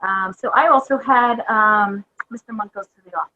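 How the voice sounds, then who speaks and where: A woman's voice: mid-range voice, normal speed, sharp tone, lo-fi sound. A woman hosting a podcast, chatting casually and enthusiastically while recounting scenes from a show. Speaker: podcast host.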